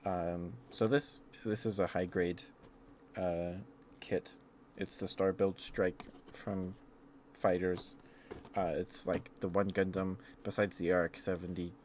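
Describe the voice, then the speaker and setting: A very low-pitched man chatting on a live stream. He talks in an excitable, rambling way, with many fillers and quick little laughs. He stays friendly with the viewers, with a faint hiss behind him. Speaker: ASMR streamer. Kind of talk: casual live-stream chat.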